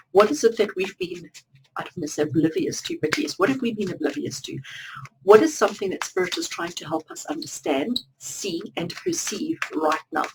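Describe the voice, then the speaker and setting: A woman's voice: mid-range voice, vocal fry, far from the mic, background noise. A woman doing a pick-a-card tarot reading, talking earnestly and encouragingly straight to the listener.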